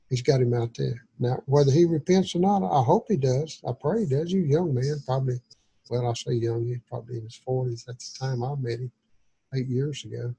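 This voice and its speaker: A man's voice: on the high side, mellow, slightly rough, poor audio. A man leading an informal Bible study, teaching in a folksy, rambling way. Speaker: pastor.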